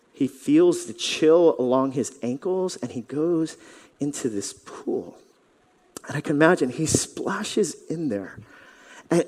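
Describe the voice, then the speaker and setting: Casting note: a high-voiced, animated man preaching, dramatic storytelling with hushed whispers, in a reverberant sanctuary. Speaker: pastor. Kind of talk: sermon storytelling. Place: church sanctuary. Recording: reverberant church hall.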